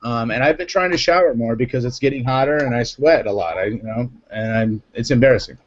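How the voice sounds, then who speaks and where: A man's voice: mid-range voice, fairly quick, muffled recording. A man hosting a casual live panel chat, joking and rambling. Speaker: host.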